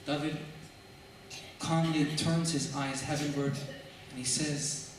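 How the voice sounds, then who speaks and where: High-voiced rabbi in an echoing hall. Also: male voice, steady tone, noisy background. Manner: storytelling, rhetorical questions, measured emphasis. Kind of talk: sermon. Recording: echoey hall, mic far off.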